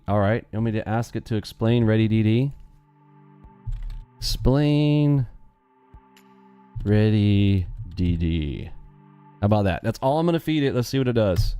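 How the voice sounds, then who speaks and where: A man's voice: medium pitch, dark tone, smooth. A man hosting a day-trading live stream, brashly mocking and talking back to his chat.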